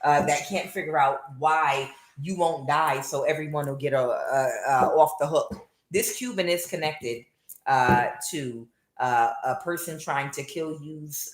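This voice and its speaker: A woman's voice: sits low, reverberant. A woman giving a casual tarot reading, mocking and scolding, with many filler uhs. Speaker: tarot reader.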